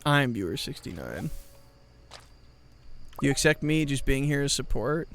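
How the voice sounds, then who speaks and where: A man's voice: mid-range voice, sing-song, a little slow, pauses often, fairly bright tone, soft background music. A man streaming live, chatting with his viewers in a rambling, joking, mock-exasperated way. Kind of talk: casual chat with viewers.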